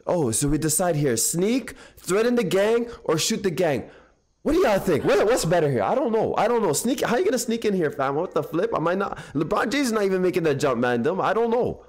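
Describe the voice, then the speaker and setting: A young man streaming a video game live, chatting excitably in slang with his viewers. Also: sits high, brisk. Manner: excitable slangy banter with chat.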